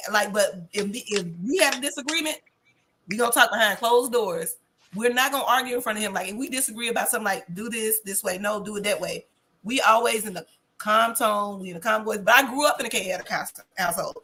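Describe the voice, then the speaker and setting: A woman's voice: mid-range voice, fast. A woman in her thirties co-hosting a podcast, telling stories bluntly in casual slang. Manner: animated storytelling with blunt slang. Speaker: podcast co-host. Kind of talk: casual chat.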